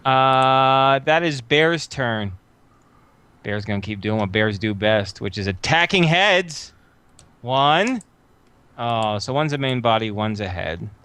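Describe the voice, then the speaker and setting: A man narrating a tabletop game as game master, thinking aloud with frequent filler pauses. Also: medium pitch, expressive, bright, forceful tone, smooth, no echo.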